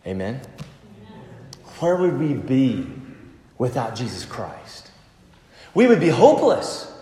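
A man preaching a sermon as pastor, emphatic, with lively swings from loud stress to soft, near-whispered asides. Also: medium pitch, slow, echoey room, long reverb tail.

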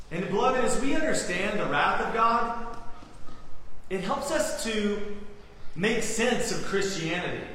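A man's voice: on the high side, fairly bright tone, a little hiss or hum. A man preaching a sermon as pastor, earnestly calling the listeners beloved and asking them rhetorical questions. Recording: echoey hall from far off, faint ambience.

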